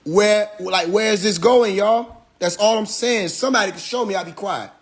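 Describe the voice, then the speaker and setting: This Instagram Live host preaches in a monologue full of rhetorical questions and curse words. His high-pitched voice is slightly rough and moves at a normal pace.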